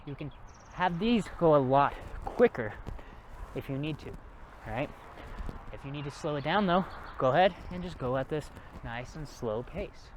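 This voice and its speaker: A man's voice: a little high, animated, normal speed, pauses often, slight background noise. A man teaching a martial arts class, counting reps aloud and explaining moves in a casual coaching way. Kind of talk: workout class instruction.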